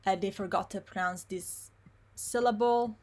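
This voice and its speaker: Slow-speaking woman teacher. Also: mid-range voice, steady tone, a little mellow. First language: Italian. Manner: explains slowly, repeats words syllable by syllable. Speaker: Italian teacher. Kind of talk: live online pronunciation lesson.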